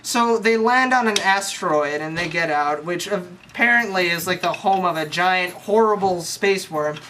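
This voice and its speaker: A young storyteller rambles through a crude, slangy movie recap, scattering "like" everywhere. The voice sits at an ordinary middle pitch. Steady hiss runs under the home recording. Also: normal speed. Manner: slangy, profane, rambling with lots of "like". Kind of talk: casual comic movie recap.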